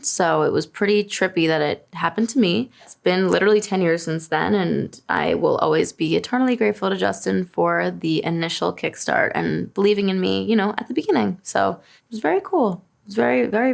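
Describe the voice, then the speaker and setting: A woman's voice: mid-range voice, vocal fry. A woman in her twenties from Long Island, New York, chatting casually and answering questions about herself with a self-deprecating, laughing manner. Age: 20s. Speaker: singer answering fan search questions. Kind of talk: casual chat.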